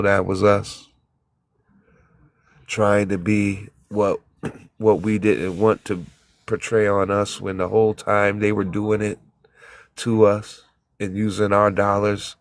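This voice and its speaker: A man in a heated group talk, preaching and telling stories with acted-out quotes and some cussing. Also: lowish voice. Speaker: panelist. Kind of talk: impassioned group discussion.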